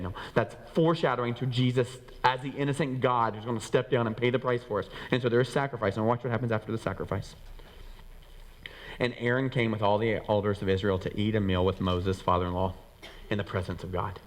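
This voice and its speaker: A man preaching a sermon as a pastor to his church, animated, acting out quoted voices and swinging between raised and lowered pitch. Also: fast. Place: church sanctuary. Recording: reverberant hall.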